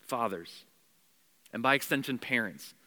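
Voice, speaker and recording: A man's voice: mid-range voice, expressive, measured pace, bright, forceful tone, in a large hall. A man preaching a sermon to a congregation, driving points home with repeated phrases and direct commands, with chatty asides and self-corrections. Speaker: pastor. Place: church before a congregation.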